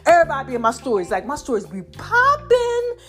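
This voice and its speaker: A woman hosting her own podcast in a lively, preachy, slangy way, a little out of breath as she talks. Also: high voice, fast, soft background music. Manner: lively, preachy, slangy, calls herself Mama. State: slightly out of breath. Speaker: podcast host. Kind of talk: casual inspirational monologue.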